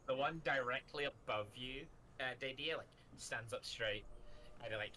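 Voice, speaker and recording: A man narrating a tabletop game as game master, in an animated way and laughing often. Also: medium pitch, normal speed, a little hiss or hum, poor audio.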